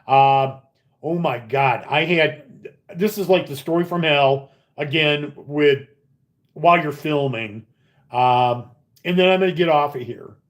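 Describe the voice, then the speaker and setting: A middle-aged man hosting a slot channel live stream from a casino, chatting casually and telling stories in an animated way with a lot of swearing. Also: fairly high pitch, measured pace. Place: casino upstairs area.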